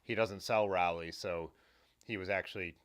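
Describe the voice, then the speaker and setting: A man's voice: sits low, fairly even intonation, moderate pace. A man hosting a casual livestream, rambling along and reading viewer comments aloud. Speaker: livestream host. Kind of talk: casual live chat.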